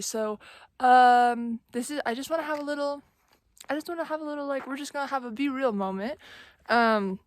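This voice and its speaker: Young woman vlogging from a mountain trail, chatty, says like a lot, kinda high voice. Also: dry recording. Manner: chatty, many "like" fillers, exasperated storytelling. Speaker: thru-hiker vlogger. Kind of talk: casual vlog storytelling.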